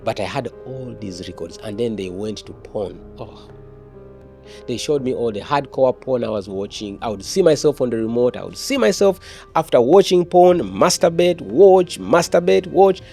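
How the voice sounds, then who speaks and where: A man's voice: medium pitch, animated, normal speed, vocal fry, warm tone, breathy edge, faint music behind. A man, an evangelist telling his personal testimony in an interview, earnest and often repeating words and restarting.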